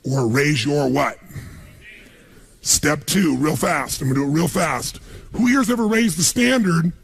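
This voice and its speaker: A middle-aged man giving an energetic motivational seminar speech, punchy and questioning the crowd. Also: on the high side, a little slow. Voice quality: gravelly, husky. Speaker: motivational speaker. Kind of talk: live seminar speech to an audience.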